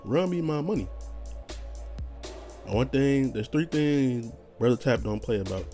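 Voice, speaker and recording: A man's voice: medium pitch, expressive, unhurried, dark tone, faint music behind. A young man hosting his own podcast, rambling casually in a laid-back, profane, slang-heavy monologue. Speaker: podcast host.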